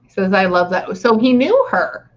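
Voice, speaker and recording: A woman's voice: medium pitch, big pitch swings, moderate pace, muffled recording. A woman psychic medium in a casual reading session, relaying messages and often saying "okay" and "hang on".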